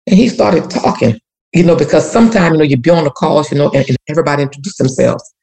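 Gravelly-voiced woman telling a heartfelt story. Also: sits low, fast talker, mellow. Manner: emotional, repetitive, church-rooted testimony. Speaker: community activist guest. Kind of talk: personal storytelling.

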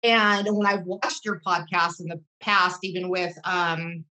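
A woman in her thirties talks as a podcast guest, sharing heartfelt memories in a loose, rambling way. Her voice has a clear, bright edge. She restarts sentences often and leans on fillers as she goes. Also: lowish voice, steady tone, a little slow, poor audio. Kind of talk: heartfelt casual storytelling.

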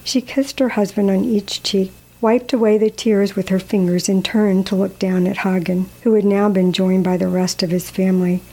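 A woman calmly reading a story aloud in a measured, gently expressive way. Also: mid-range voice, low-quality recording. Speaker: narrator.

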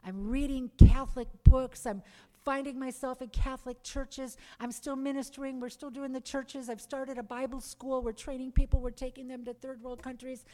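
A middle-aged woman giving her conversion testimony to a live audience, telling her story in a lively way and calling for "Amen.". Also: sits high, normal speed. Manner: lively storyteller who calls for "Amen" and "Praise the Lord". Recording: long reverb of a hall.

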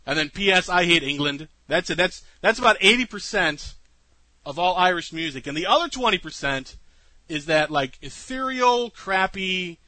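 A man's voice: sits high, animated, moderate pace, sharp tone, no room sound. A man co-hosting a live show, teasing his partner and stammering through restarts. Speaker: podcast co-host. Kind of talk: casual live-show banter.

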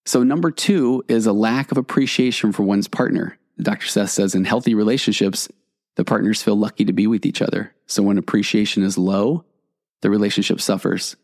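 Low gravelly-voiced male therapist podcaster. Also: fairly even intonation, fairly quick, darkish tone. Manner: explanatory, tangent-prone, acts out quoted partners. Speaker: podcast host and marriage therapist. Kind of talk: solo podcast commentary.

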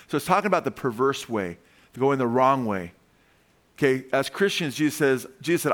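A male pastor preaching a sermon, telling stories with quick asides and chuckles. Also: medium pitch, lively intonation, a bit bright.

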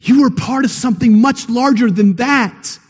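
A man preaching a sermon as pastor, emphatic and building to shouts at the high points. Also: moderate pace, husky. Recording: long hall reverb.

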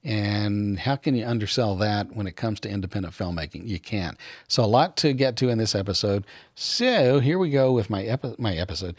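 Male podcast host, lowish voice, dry close sound, upbeat and encouraging. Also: expressive, a little fast, a little mellow, no echo, faint music behind. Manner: enthusiastic, encouraging. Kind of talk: podcast interview.

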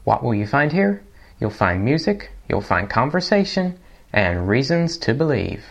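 A man's voice: mid-range voice, sing-song, a little slow, creaky, lo-fi sound, exaggerated voice. A man from England reading a podcast promo in a put-on Californian podcast host accent. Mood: earnest. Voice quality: announcer-style reading.

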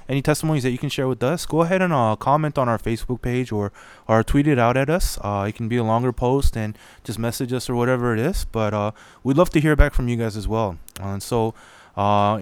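A man in his thirties with a smooth, resonant voice co-hosts a relaxed podcast chat. He talks loosely, leaning on lots of "uh"s as he goes. The sound is dry and close, with no room around it. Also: medium pitch, dry recording. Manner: relaxed, many filler "uh"s. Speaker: podcast co-host. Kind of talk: casual chat.

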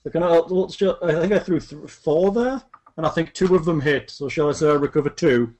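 A man, playing in a tabletop game, chatting in an amused, halting way with many restarts. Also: fairly high pitch, darkish tone. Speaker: player. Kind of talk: casual tabletop game play.

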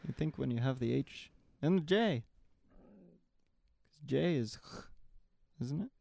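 Dude reading news stories deadpan, gravelly creaky voice, dry close mic. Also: male voice, medium pitch, measured pace, no echo. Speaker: podcast co-host reading news. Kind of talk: reading news stories aloud in casual chat.

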